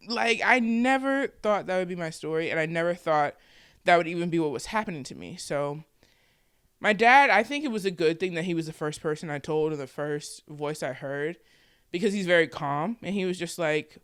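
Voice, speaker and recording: Candid woman in her twenties, smooth voice. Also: on the low side, expressive, moderate pace, a bit bright, dry recording, studio quality. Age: 20s. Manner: candid, conversational, many "like" fillers. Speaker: vlogger and podcaster. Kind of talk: personal storytelling to camera.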